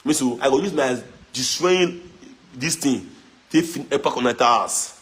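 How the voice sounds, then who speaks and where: A young Nigerian man from Edo with a local accent, talking loosely on a phone livestream, mixing in pidgin, animated and mocking with frequent laughs. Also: mid-range voice, measured pace. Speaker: social media livestreamer. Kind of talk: casual livestream chat.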